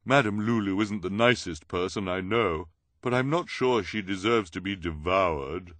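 A man's voice: low voice, moderate pace, fairly bright tone, no room sound. A man voicing an earnest, sensible teenage girl who speaks carefully and hesitantly in a storybook reading.

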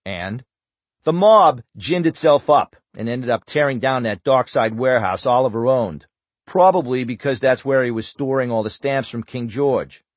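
A man's voice: mid-range voice, expressive, dry recording, close to an everyday voice. A man doing a brash Boston detective. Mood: smug lecturing. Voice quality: drawn-out, loud and brash. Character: streetwise Boston detective man, smug know-it-all.

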